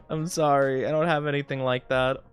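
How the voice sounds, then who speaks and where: A male VTuber speaks in a smooth, medium-pitched voice, chatting with viewers as he plays and reading chat aloud. Rambling and quick to laugh, he gets excited when he greets people.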